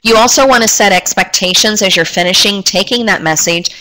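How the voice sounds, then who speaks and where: A woman in middle age giving an instructional talk as a phone skills trainer, clear and upbeat as she explains. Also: medium pitch, brisk, few pauses, bright, forceful tone, low-quality recording.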